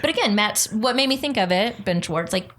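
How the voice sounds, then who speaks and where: A young woman in casual podcast chat, telling stories with quick laughs. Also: mid-range voice. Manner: animated storyteller, quick laughs. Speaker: guest co-host.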